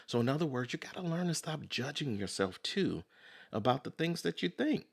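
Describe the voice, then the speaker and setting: Animated man with a gravelly voice. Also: on the high side, normal speed. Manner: conversational, repeats "so in other words"; acts out quoted voices. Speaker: podcast host. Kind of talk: motivational self-help talk.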